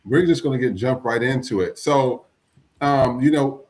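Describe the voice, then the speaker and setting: A man's voice: mid-range voice, normal speed, darkish tone, soft background music. A man hosting a live podcast, greeting viewers in the chat one by one in a loose, chatty way full of "uh"s. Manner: loose and chatty, lots of "uh" while reading out viewer names. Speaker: podcast host.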